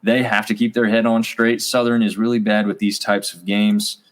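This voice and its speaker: A man's voice: lowish voice, little pitch movement, normal speed. A man co-hosting a college sports review show, chatting casually and rambling with fillers. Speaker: co-host.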